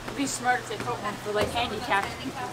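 A woman's voice: on the high side, fairly even intonation, quick pace. A woman making matter-of-fact, teasing remarks off camera during a casual travel vlog. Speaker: vlogger's wife. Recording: distant voice with long reverb and faint noise.

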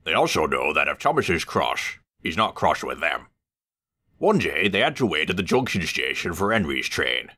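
Deep, lively storybook narrator man. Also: moderate pace. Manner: expressive storybook reading. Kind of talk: reading a children's story aloud.

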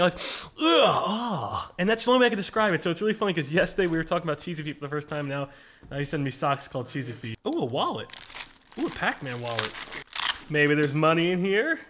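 A male channel host chatting casually while unboxing fan mail, excitable and rambling with plenty of jokes. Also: high-pitched.

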